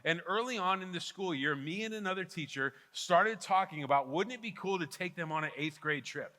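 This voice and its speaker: A man's voice: high voice, expressive, a little fast, pushed and bright, long reverb tail. A middle-aged man preaching a sermon as pastor, telling a story with emphatic repetitions. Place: church sanctuary.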